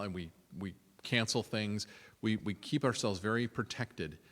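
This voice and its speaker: A man's voice: fairly low pitch, a bit bright, long reverb tail. A man leading an adult forum at a church, chatting with the group, asking them questions and reading scripture aloud. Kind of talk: conversational church adult-education talk. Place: church meeting room.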